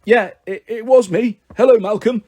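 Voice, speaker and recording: A man's voice: sits high, normal speed, warm tone, voice pushed up. A man voicing an old, wise male goat in a storybook reading, with a quavering, bleating vibrato in his voice. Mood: friendly.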